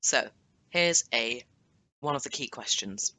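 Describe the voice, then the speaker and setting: A man's voice: mid-range voice, lively intonation, normal speed, pushed and bright. A young man teaching a language lesson in a chatty, casual way, explaining with asides and self-corrections. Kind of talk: casual screen-share lesson.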